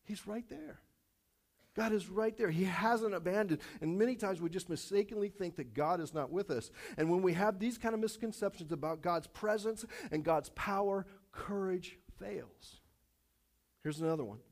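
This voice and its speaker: Animated pastor with a high, lively voice. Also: male voice, moderate pace. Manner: animated, repetitive, with self-aware jokes. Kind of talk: sermon.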